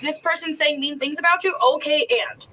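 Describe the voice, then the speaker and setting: A woman's voice: high voice, brisk, pushed and bright, low-quality recording. A woman chef hosting a casual outdoor cooking demonstration, chatty and profane, prone to rambling rants. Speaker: cooking show host and chef. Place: outdoors behind a stadium.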